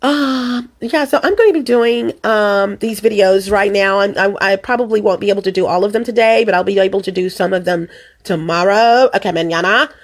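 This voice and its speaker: A woman vlogging in casual chat, hoarse from allergies and a cold, rambling and repeating herself as she talks to her viewers. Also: mid-range voice, fairly quick. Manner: rambling and repetitive, addresses viewers as "you guys". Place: at home.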